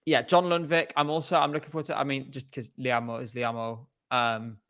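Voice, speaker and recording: A man's voice: mid-range voice, level tone, a little fast, a bit bright, clear, resonant tone. A man co-hosting a casual podcast chat over a video call, rambling and hesitant with many fillers. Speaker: co-host.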